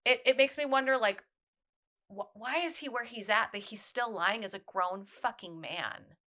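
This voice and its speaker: A woman's voice: a little high, moderate pace, sharp tone. A woman guesting on a casual podcast, speaking in a candid, reflective way.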